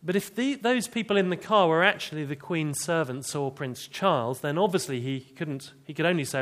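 Male preacher, emphatic sermon delivery, slightly higher voice. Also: fairly bright tone. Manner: earnest, emphatic, reads scripture slowly.

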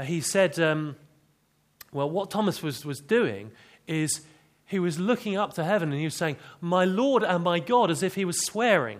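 Earnest male preacher, slightly high. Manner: earnest, emphatic, reads scripture slowly. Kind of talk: sermon.

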